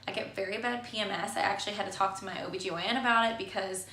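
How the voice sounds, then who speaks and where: Casting: American woman, 30s, chatty home vlogger, bright voice, roomy echo. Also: medium pitch, fairly even intonation, very fast. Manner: chatty, lots of "like" and restarts. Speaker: vlogger, stay-at-home mom. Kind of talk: casual chat to camera. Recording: echoey room.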